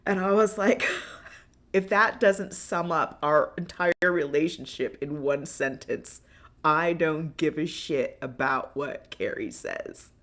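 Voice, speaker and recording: Woman, lower-pitched, for an unfiltered, rambling solo podcast where she swears freely. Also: takes it slowly, fairly bright tone. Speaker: podcast host. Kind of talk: personal monologue podcast.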